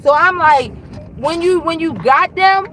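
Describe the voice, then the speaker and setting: A woman's voice: very high voice, animated, measured pace, fairly bright tone, slight background noise, rough recording. A woman in her thirties telling a casual storytime rant, blunt and profane, talking straight to her viewers from inside a car.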